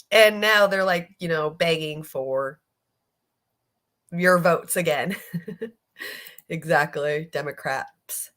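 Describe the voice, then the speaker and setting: A woman's voice: medium pitch, fairly bright tone. A woman hosting a casual political livestream, talking bluntly and profanely, exasperated as she reads viewer comments aloud. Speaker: streamer host.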